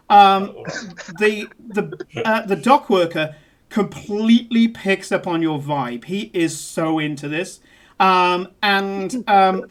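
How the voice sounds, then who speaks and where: A game master narrating a tabletop game in a playful, laughing way, with frequent ums and restarts. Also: medium pitch.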